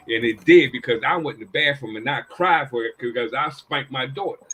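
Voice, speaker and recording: A man's voice: mid-range voice, a little fast, few pauses, bright, forceful tone, slight background noise, low-quality recording. An older man casually telling family stories, acting out what people said and repeating phrases as he goes. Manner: acts out quoted dialogue with a raised voice. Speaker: panel guest. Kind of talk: casual storytelling.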